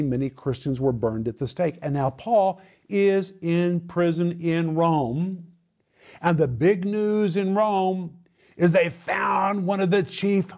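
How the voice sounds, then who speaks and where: A man preaching a sermon, addressing listeners as his friends with dramatic swings in pitch. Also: steady tone, unhurried, darkish tone.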